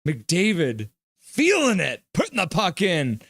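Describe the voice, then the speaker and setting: Man, live hockey stream host, excitable play-by-play, chats with viewers, higher voice, dry sound. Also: slow pace, vocal fry, breathy edge, dry recording. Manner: excitable, chatty, reads chat aloud.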